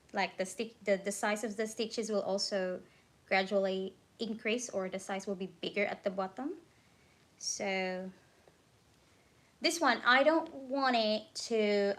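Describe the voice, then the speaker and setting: A woman hosting a late-night crafting livestream, talking slowly and easily at a middle pitch. She sounds a little drowsy and keeps stopping with ums to hunt for words. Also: fairly bright tone. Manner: unhurried, searching for words with many ums. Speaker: crochet livestream host. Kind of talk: casual livestream chat.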